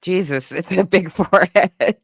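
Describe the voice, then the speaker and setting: A woman's voice: on the low side, moderate pace, vocal fry, slightly rough, dry recording, clean studio sound. A woman hosting a casual commentary stream, reading chat comments and laughing often as she reacts. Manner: laughing often, animated, lively. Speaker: host.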